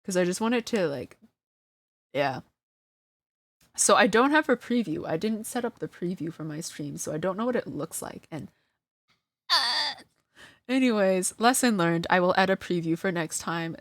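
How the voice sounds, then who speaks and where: Woman streamer, lively pitch, dry close mic, flustered self-deprecating chat. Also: moderate pace, pauses often, no echo. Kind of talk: casual live-stream chat.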